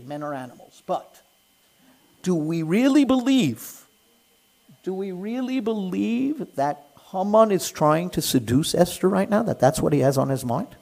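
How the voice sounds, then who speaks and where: A man teaching a class on the Book of Esther in a lively lecture, firing rhetorical questions at the room and acting out the characters. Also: high voice. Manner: animated, fires rhetorical questions at listeners; acts out the characters in quick voices. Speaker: Torah teacher.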